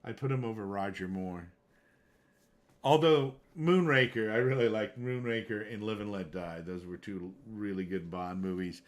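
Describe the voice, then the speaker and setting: Male streamer, lowish voice, casual rambling chat that flares up now and then. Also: normal speed. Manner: rambling, gets worked up, trails off searching for names. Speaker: livestream gamer chatting with viewers.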